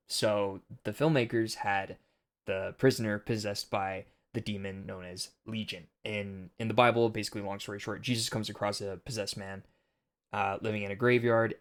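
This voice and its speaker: A man's voice: fairly low pitch, fairly bright tone. A young man hosting a casual film commentary monologue, earnest and preachy with a rambling delivery.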